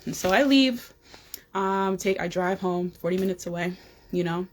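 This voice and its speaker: A woman's voice: fairly low pitch, moderate pace, slight background noise. A woman hosting a wellness check-in, casually telling the story of a dream, with lots of "um" and "you know". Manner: chatty, frequent "um" and "you know", animated retelling.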